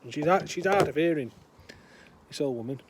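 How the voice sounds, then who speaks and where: An older man rambles through a joke outdoors, his voice lively and rising and falling as he goes. He talks in a chatty, meandering way with plenty of fillers. Faint traffic hums behind him. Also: fairly high pitch, brisk. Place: outdoors, windy.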